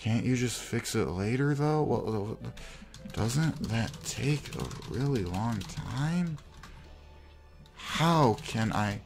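Guy doing dramatic gaming commentary, gravelly voice, drawn out and slow, lots of big sighs and fake despair. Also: fairly low pitch, expressive, soft background music. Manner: theatrical self-pitying despair with heavy sighs. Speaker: gameplay video creator. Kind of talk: melodramatic gameplay commentary.

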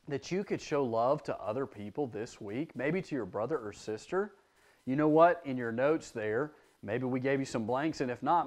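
A man leading children's church, preaching a lively lesson straight to the kids and praying aloud. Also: a little high. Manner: lively storytelling, addressing children directly; prays aloud. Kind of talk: children's sermon.

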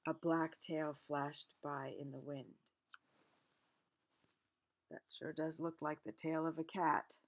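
A woman reading a picture book aloud, stopping often in a gentle, expressive way to explain the pictures. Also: low-pitched, takes it slowly, long pauses, muffled recording.

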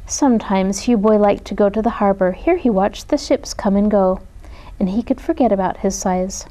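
A woman reads a children's picture book aloud with a warm, mellow tone. Her delivery is gentle and expressive, at an ordinary pitch for a woman. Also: normal speed, slight background noise, low-quality recording. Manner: gentle, expressive read-aloud with voiced characters. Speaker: storybook reader. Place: community media studio.

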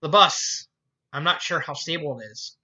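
A reader voicing a bookish, anxious young mare who talks haltingly and trails off. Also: mid-range voice, sharp tone, lo-fi sound. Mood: hesitant, worried.

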